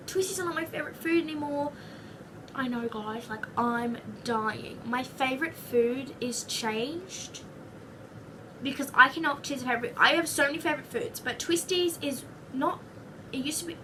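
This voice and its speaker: A woman's voice: high-pitched, pushed and bright, far from the mic, slight background noise. A young woman with an Australian accent chatting in a casual vlog, rambling and goofy, full of jokes and asides. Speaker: vlogger.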